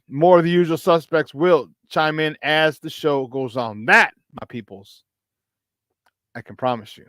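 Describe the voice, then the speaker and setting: Brief: male sports talk show host, high-energy and laughing, dry close sound. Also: moderate pace, no room sound. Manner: hyped, shouting out chat viewers with frequent laughs.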